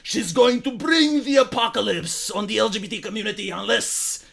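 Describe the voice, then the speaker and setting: A man putting on a shrill, outraged caricature that drags out its words. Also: expressive, normal speed, creaky, a bit bright, exaggerated voice.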